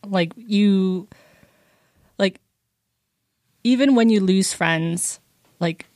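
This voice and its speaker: A woman's voice: mid-range voice, extremely slow, darkish tone, no room sound, clean studio sound. A woman in her twenties chatting casually about a book, with lots of fillers and bits where she quotes people. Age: 20s. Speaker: book discussion co-host.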